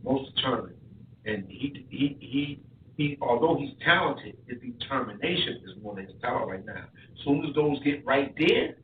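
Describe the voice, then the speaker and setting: A boxing coach in casual podcast chat, telling stories with repeated words and restarts. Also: male voice, mid-range voice, lively intonation, moderate pace, a little hiss or hum. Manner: repetitive, storytelling with stutters. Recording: distant, echoey, phone-like sound.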